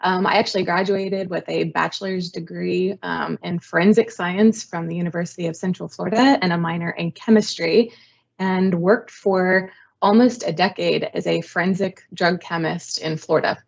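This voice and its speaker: A woman's voice: lowish voice, steady tone, normal speed, gravelly. A woman in her thirties, a guest on an interview show, telling her career story in a chatty, self-deprecating way with many ums. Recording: slightly dull lo-fi audio.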